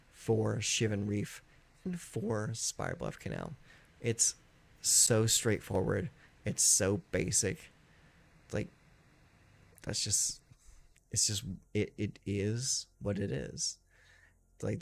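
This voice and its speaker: A man chatting casually on a live stream from his home, rambling with lots of fillers. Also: creaky. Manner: rambling, filler-heavy, easygoing; high baby-talk when calling his dogs. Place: home in California.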